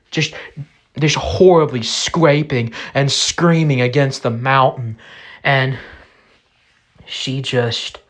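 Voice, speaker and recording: A man telling a first-person story in a halting, somber way. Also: medium pitch, a bit bright. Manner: slow, halting, somber narration.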